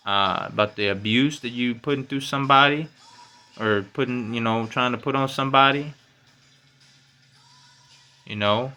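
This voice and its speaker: Rambling on his own podcast, a male host uses loose, profane slang and scatters "you know, man" everywhere. His bright, forceful voice has a clear, resonant tone and climbs loud and high when he's fired up. Faint music plays underneath this casual solo rant.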